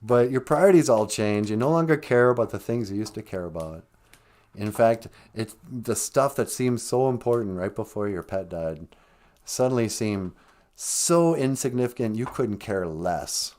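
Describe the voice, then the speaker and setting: Casting: male live-stream host, casual and rambling, lively pitch that rises and falls a lot. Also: normal speed. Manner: candid and rambling, with frequent self-interrupting asides. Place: at home.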